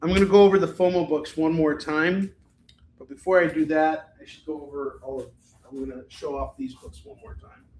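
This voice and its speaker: A man's voice: on the high side, fairly even intonation, brisk, a little mellow, slight background noise. Man casually selling comics on stream. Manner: casual and rambling, swears freely. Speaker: live shopping stream host selling comics. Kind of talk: casual live-stream sales chat. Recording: echoey room.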